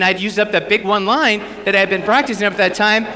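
A priest giving an animated storytelling sermon at a parish mission and acting out his own thoughts. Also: sits high, fast talker, long reverb tail. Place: church.

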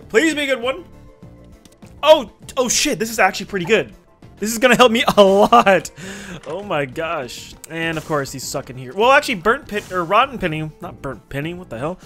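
A man's voice: high voice, pushed and bright. A man casually commentating his gameplay for viewers, swearing freely, laughing often and chatting with his audience. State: recently woken up. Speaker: gaming video creator.

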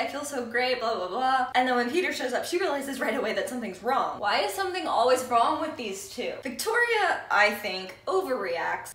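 A woman vlogger giving a casual, gossipy recap of a reality show, with quick asides and laughs. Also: a little high, fairly bright tone. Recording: roomy echo.

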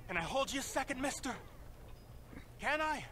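An actor playing a lonely old homeless army veteran in a video game, slow and pleading, with a weepy, shaky voice. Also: male voice, very high voice, sing-song, sharp tone, slight background noise, exaggerated voice. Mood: tender. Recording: game audio with outdoor ambience.

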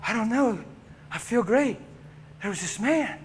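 A preacher doing a dazed crash survivor. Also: male voice, extremely high pitch, lively intonation, a little slow, in a large hall, voice pushed up. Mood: bewildered. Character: dazed young man after a car crash.

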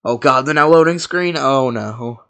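A man playing a video game with a friend, joking, yelling in surprise, and reading the game's lines in a flat deadpan. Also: mid-range voice, measured pace. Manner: jokey, excitable outbursts, flat deadpan reading. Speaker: let's play gamer. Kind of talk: casual gameplay commentary, reading dialogue aloud. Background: loud game music.

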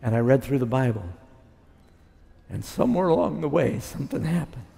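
A man's voice: mid-range voice, expressive, a little fast, gravelly, mellow, big-room sound. A man preaching his testimony, telling his story and acting out what he said back then. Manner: storytelling, acting out his own past words. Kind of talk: sermon testimony.

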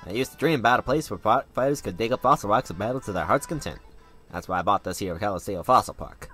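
A man's voice: on the low side, animated, quick pace, sharp tone, husky, soft background music, full character voice. A man voicing an earnest, folksy middle-aged cowboy with a put-on Southern US drawl and homespun turns of phrase, over a game.

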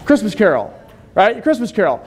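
A man with a high-pitched voice preaches to his congregation. He talks in a casual, conversational way and often asks the listeners questions. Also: wildly swooping pitch, brisk, darkish tone, breathy edge. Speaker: pastor. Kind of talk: sermon. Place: church sanctuary.

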